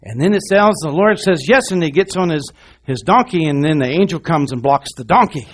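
A man preaching a sermon, talking straight to the congregation in an animated way, dropping to a hush and then rising loud, with quick asides to the crowd. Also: fairly high pitch. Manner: animated, swinging from hushed to loud.

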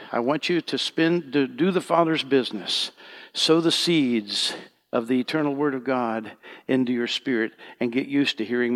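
A man preaching a sermon as pastor, shifting from hushed prayer to loud fervent calls to the congregation. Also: medium pitch.

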